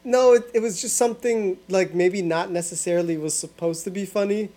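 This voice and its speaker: A man's voice: high voice, fairly even intonation, fairly quick, warm tone. A man co-hosting a podcast, telling casual stories and laughing often. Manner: giggly storytelling, breaks into laughter. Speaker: podcast co-host. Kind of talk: casual chat.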